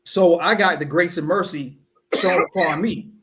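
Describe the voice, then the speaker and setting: A man's voice: on the high side, moderate pace. A young man from South Carolina telling a personal story in casual podcast chat, acting out the people he quotes. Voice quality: animated, acts out quoted voices. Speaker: podcast co-host.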